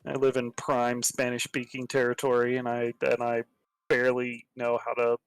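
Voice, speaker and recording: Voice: medium pitch, completely flat delivery, moderate pace, clear, resonant tone, dry recording, faint music behind. A streamer with a subtle Texan accent, chatting casually in a livestream interview and laughing often. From Texas. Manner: laid-back, laughs often. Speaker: VTuber streamer, interview guest.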